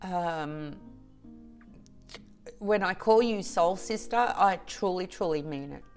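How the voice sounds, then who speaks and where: A woman vlogger chatting to camera, slow and halting with restarts and soft laughs, teary and emotional. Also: on the low side, soft background music. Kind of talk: emotional casual chat to camera.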